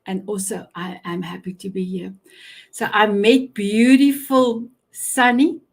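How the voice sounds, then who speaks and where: A woman's voice: medium pitch, steady tone, measured pace, vocal fry. A middle-aged woman from Africa, hosting a live online show over a video call in an effusive manner, often repeating herself and restarting. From South Africa. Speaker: host.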